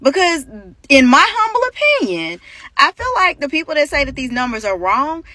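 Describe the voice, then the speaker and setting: A woman from North Carolina gives emphatic, persuasive commentary straight to her viewers. Her voice is bright and somewhat high. It is recorded close and dry. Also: sing-song, normal speed, dry recording. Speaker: content creator talking about income. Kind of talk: opinionated commentary to camera.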